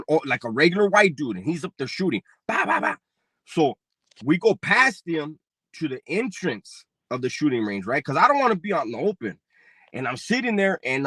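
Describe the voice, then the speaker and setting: A man's voice: medium pitch, fairly bright tone, no echo. A man in his forties telling a personal story in a casual, profane, slang-heavy way. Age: 40s.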